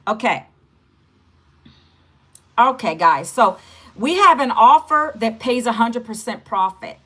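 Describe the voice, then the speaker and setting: A woman in her fifties hosts a livestream in a casual, direct way. Her voice sits a little high, and she keeps checking in with her viewers. Her talk is loose and chatty. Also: big pitch swings, slow pace, bright, forceful tone. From United States. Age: 50s. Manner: chatty, direct, repeats "okay" and "guys". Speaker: livestream host.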